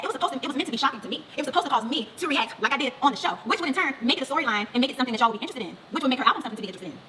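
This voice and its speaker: Rapid, animated woman. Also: sits high, slight background noise, poor audio. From Atlanta, United States. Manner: rapid, animated, frank and profane. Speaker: vlog host. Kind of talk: casual gossip chat to camera.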